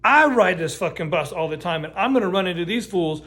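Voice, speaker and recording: Brief: middle-aged guy, slightly high voice, rambling storytime full of swearing and false starts. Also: a little fast. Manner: animated, profane, lots of restarts and fillers. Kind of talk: casual true-crime storytime.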